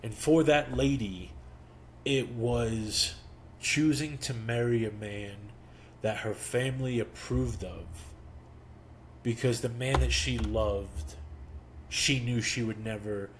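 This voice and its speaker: A young man hosting a podcast, telling a personal story slowly and reflectively, with pauses. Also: mid-range voice, a little hiss or hum. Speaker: podcast host. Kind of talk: storytelling monologue.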